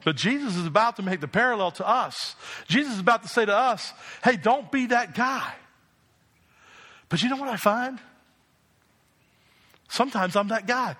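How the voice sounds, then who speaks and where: A man's voice: sits high, expressive, fairly quick, bright, forceful tone. A man from New Jersey preaching a sermon as pastor, emphatic and asking the congregation rhetorical questions.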